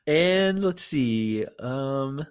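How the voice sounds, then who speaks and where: A man's voice: mid-range voice, clean tone. A man co-hosting a podcast, chatting casually about a film, quoting lines and swearing now and then. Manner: animated, quotes lines in put-on voices, swears. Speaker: podcast co-host. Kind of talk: casual film review chat.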